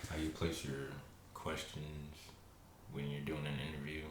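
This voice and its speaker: Easygoing guest guy, really low voice, bit of room echo and faint hiss. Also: completely flat delivery, unhurried. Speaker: podcast guest. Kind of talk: casual chat. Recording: roomy sound with faint background noise.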